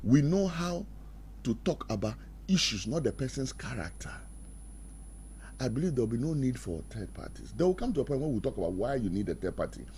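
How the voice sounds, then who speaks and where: In a medium-pitched voice that runs a little fast, a middle-aged man hands out marriage advice in a preacher's manner on a radio talk show. He animatedly acts out quarrels with put-on voices and laughs at his jokes, against faint background noise.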